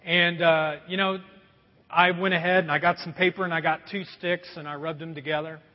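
A man's voice: fairly high pitch, level tone, brisk, in a large hall, dull audio. A middle-aged man preaching a sermon in a church, telling folksy stories and calling his congregation folks. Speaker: pastor. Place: church sanctuary.

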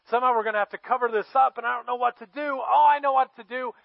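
A man voicing a scheming king who sounds smooth and falsely friendly, talking in casual modern slang. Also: extremely high pitch, fairly even intonation, quick pace, dry recording, voice pushed up. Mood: panicky. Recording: dull, dry sound.

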